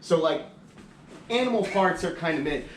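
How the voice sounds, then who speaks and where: A man's voice: on the high side, expressive, normal speed. A young man chatting casually on a podcast, laid-back and swearing freely as he tells stories. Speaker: podcast host. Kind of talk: casual chat. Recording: echoey room, from a distance, faint hiss.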